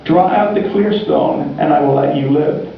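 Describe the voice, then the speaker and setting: A cold, calculating rebel chief who never raises his voice, heard from far off in a big echoing hall on a dull recording, as a man acts him out in a story. The voice sits a little high for a man. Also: moderate pace, vocal fry, slight background noise. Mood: menacing. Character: scheming male rebel leader, cold and calculating. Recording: distant, echoey, dull church recording.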